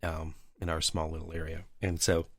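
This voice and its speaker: A man with a very low voice tells a casual, wandering anecdote, full of "you know" and "um." The sound is dry with no room echo. It sounds like relaxed podcast chatter between colleagues. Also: normal speed. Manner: rambling anecdotal storyteller, many fillers. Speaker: podcast host. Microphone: remote call mic.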